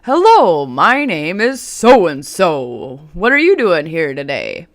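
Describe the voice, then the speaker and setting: A woman voicing a brusque middle-aged male psychiatrist who talks in a loud, blunt way. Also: on the high side, sing-song, slow, pitched above the performer's own voice. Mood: booming.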